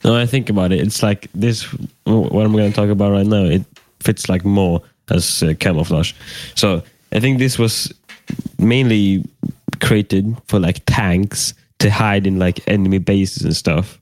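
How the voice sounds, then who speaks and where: Halting low-voiced male podcast co-host. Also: a little mellow. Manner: hesitant, halting explanation. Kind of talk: casual chat.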